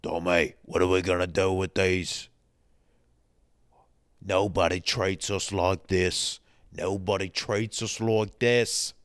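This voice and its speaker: A man voicing a gruff adult gangster brother with a thick Birmingham accent, shouting and repeating himself. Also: sits low, flat delivery, slow pace, dry recording, clean studio sound.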